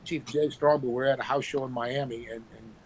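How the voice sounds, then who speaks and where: A former pro wrestler telling animated stories with sound effects, talking on his phone from work. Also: medium pitch, brisk, slight background noise, rough recording. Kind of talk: casual storytelling.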